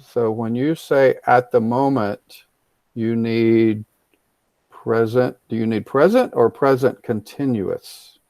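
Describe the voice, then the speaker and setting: A man's voice: mid-range voice, slow pace, darkish tone, dry recording. A man teaching an online English class over a video call, patiently explaining and repeating, and slipping in the odd Spanish word. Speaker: ESL teacher.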